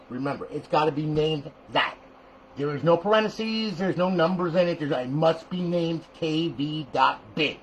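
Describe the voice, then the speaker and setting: A man with a fairly high voice gives a hands-on tutorial. He talks bluntly and swears freely, keeps checking in with "okay?" and "all right?", and breaks into rants. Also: a bit bright, slight background noise, rough recording. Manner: blunt, profane, ranting. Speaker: tutorial host. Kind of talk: casual screen tutorial.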